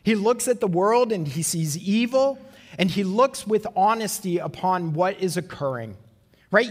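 A man preaching a sermon in an earnest way, asking rhetorical questions and slowing down for emphasis. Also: high-pitched, in a large hall. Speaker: pastor.

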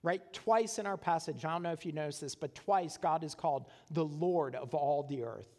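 A man's voice: on the high side, moderate pace, darkish tone, long reverb tail. A male pastor preaching a sermon in a conversational way, often checking in with the congregation with "right?". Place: church sanctuary.

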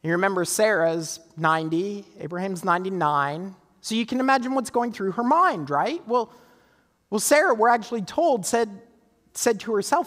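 High-voiced male pastor, conversational. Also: animated, moderate pace, fairly bright tone, big-room sound. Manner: conversational, asks listeners for agreement. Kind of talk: sermon.

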